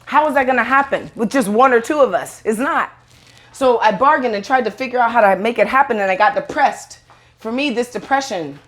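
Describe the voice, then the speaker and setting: A woman in a casual monologue to camera, blunt and profane, rambling with restarts and acting out quoted voices. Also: fairly high pitch. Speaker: online video host.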